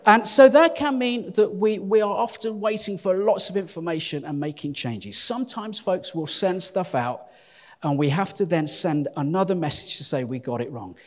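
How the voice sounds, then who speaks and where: A man leading a church, giving announcements and opening a sermon to his congregation in a lively, self-deprecating, joking manner. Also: sits high, normal speed, big-room sound. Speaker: church leader. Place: church hall.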